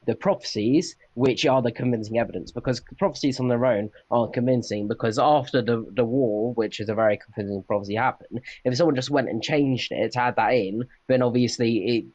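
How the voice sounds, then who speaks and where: A man in a casual voice chat debate, speaking in a measured, careful way with hesitant restarts. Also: mid-range voice, a little mellow, no echo, highs cut off. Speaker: debate participant.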